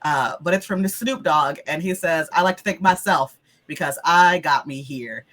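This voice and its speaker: A woman hosting as game master, her voice lower than usual because she is sick, in a chatty opening. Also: moderate pace, a bit bright, a little hiss or hum. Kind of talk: casual stream opening.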